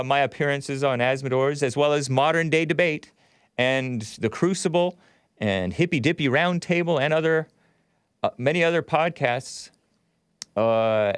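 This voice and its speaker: A man's voice: mid-range voice, clear, resonant tone, dry recording, studio quality. A man hosting a livestream show, talking casually and rambling, often spelling names out letter by letter. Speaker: show host.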